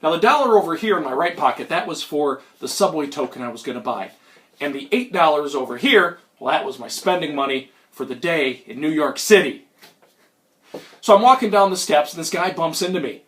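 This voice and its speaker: A man's voice: fairly high pitch, expressive, brisk, fairly bright tone. A young man from Minnesota who is getting over a cold and has a sore throat, telling a rambling, self-mocking comic magic story at home with many ums and uhs. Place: at home, indoors.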